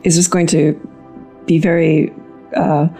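Woman player, lowish voice with lots of fry, kinda hesitant, music faint. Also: level tone, a little slow, warm tone. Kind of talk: casual tabletop game play.

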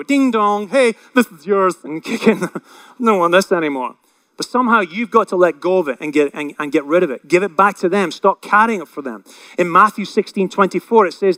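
A man's voice: sits high, a bit bright, dry recording. A man preaching a sermon in an earnest, emphatic way, acting out the conversations he retells. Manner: earnest, emphatic, acts out quoted dialogue.

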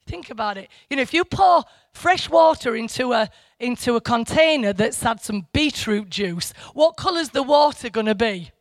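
Chatty high-voiced woman teaching Bible study. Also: animated, normal speed, dry recording, studio quality. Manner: chatty, digressive, emphatic on key points. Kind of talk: informal Bible study talk.

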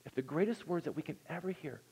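A man preaching a sermon, telling the story with earnest energy and swinging from loud to hushed. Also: on the high side, lively intonation, fast talker, creaky, husky. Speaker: pastor. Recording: long reverb in a large hall.

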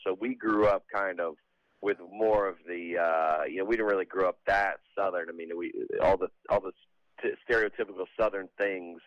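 Comedian guy from georgia, lowish voice, kinda muffled dry line, just chatting. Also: dry recording. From Georgia, USA. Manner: loose, chatty storytelling. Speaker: comedian guest. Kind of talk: casual phone-in interview.

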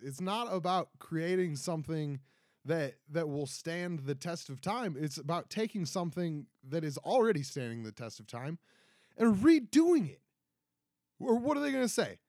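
Young man, solo podcast rant, rambling, self-mocking, bouncy pitch, dry close mic. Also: big pitch swings, moderate pace, a little mellow, no room sound. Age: 20s. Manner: rambling, self-deprecating, frequent restarts and "right?". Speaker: podcast host.

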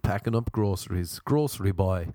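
Playful man, very lively voice. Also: low voice, normal speed, no echo, studio quality. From Ireland. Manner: playful, rambling, jokey with sudden sung and silly voices. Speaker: podcast host. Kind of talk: casual solo podcast monologue.

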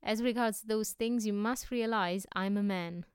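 Woman voicing Zorba, a loud brash workman. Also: medium pitch, unhurried, smooth, dry recording, clean studio sound, close to an everyday voice. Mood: insistent. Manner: loud, emphatic, forceful. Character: brash earthy Greek workman, proud and free-spirited.

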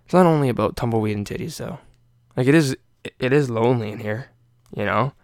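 A man's voice: medium pitch, quick pace, darkish tone, no room sound, clean studio sound. A young man hosting a casual podcast, rambling and swearing with lots of fillers. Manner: rambling, profane, many fillers. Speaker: podcast host.

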